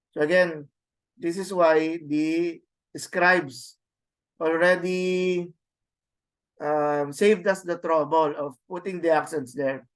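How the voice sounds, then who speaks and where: Male language teacher, online class, slow and halting delivery, slightly high voice, many fillers. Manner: slow, explains step by step. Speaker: Greek teacher. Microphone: video call.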